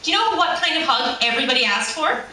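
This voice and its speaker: Canadian woman, high voice, lively storyteller, laughs a lot, echoey room, mic far off. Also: quick pace, very noisy. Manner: lively, laughs often between lines. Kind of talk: humorous personal storytelling.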